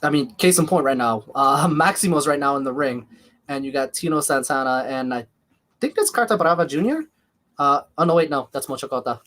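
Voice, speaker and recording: A man's voice: on the high side, lively intonation, brisk, a bit bright. Chatty man with a slight lisp. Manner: chatty, jumps between reading chat and calling action. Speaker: livestream host. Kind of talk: live watch-along commentary.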